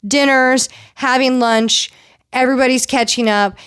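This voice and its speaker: A woman's voice: sits high, steady tone, unhurried, fairly bright tone, clean tone. A woman hosting a podcast, chatting casually and gossipily with many fillers and restarts. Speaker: podcast host. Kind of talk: casual recap chat.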